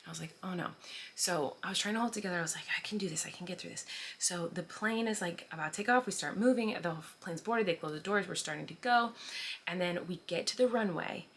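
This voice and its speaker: Here a woman in her thirties talks quickly at a fairly low pitch, casually responding to viewer questions as a vlogger on camera. Her chatty delivery is peppered with "like," "um," and laughter, and slight background noise can be heard.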